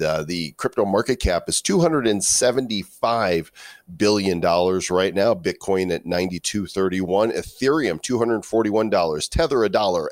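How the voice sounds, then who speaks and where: A man co-hosting a casual crypto podcast, playful and reading out prices in a quick run. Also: lowish voice, no echo, clean studio sound. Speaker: podcast co-host.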